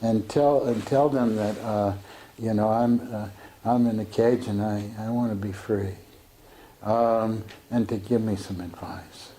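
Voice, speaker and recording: A man, a Sufi teacher, retells a teaching story in a halting way, full of fillers and restarts. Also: on the low side, steady tone, warm tone, slight background noise, poor audio.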